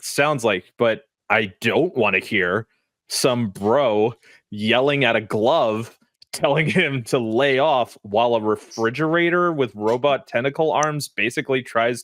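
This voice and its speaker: A man co-hosting a casual game podcast, talking in an animated way with frequent laughs and fillers. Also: medium pitch, a little slow, no room sound. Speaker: podcast co-host. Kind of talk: casual chat.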